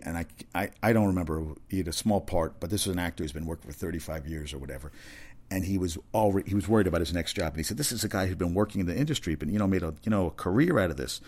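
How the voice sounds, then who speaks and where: A man talks casually as a host. He rambles from one topic to the next, with restarts and asides along the way. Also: sits low. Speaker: talk show host.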